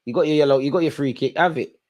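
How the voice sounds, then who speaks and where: A man's voice: fairly high pitch, fast, a little mellow. A young man hosting a live football watch-along, reacting to the match in an exasperated way and talking straight at the players and the referee.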